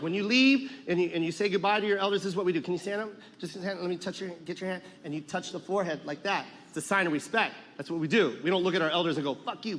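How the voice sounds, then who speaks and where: A man telling loose, swearing stories in a live stand-up set, acting out the people in them. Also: sits high. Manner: loose storytelling with swearing and act-outs. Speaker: stand-up comedian. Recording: live venue with long reverb and faint crowd noise.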